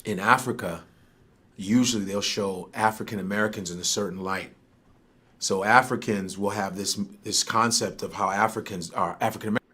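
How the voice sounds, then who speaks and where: A man's voice: fairly low pitch, steady tone, a little fast, bright, forceful tone, slightly rough. A man ranting as a comedian in a played clip, heated and full of swearing. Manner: profane, heated. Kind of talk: stand-up style rant.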